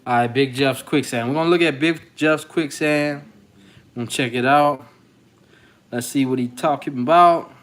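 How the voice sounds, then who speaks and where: A man's voice: medium pitch, normal speed, fairly bright tone. A man hosting his dog-breeding channel, talking in loose, slangy, rambling commentary. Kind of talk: casual vlog commentary.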